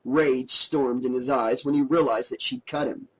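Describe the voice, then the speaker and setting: A man narrating a horror audiobook in a steady, dramatic storytelling voice. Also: medium pitch, normal speed, slightly rough, low-quality recording.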